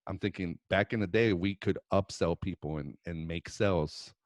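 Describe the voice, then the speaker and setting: A man from Reno, a stand-up comedian telling a story as a guest, animated and profane. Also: deep voice, normal speed, dry recording, studio quality. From Reno, Nevada. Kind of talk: casual storytelling.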